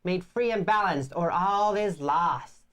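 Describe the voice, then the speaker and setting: A woman voicing a solemn old female village elder in a tabletop game, speaking in a slow, measured proclamation. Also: lowish voice, a bit bright, voice pushed up.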